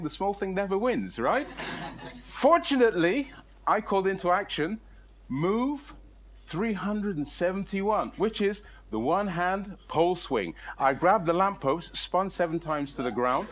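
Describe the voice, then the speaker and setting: Playful comic storyteller man. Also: high voice. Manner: playful, self-mocking, animated delivery.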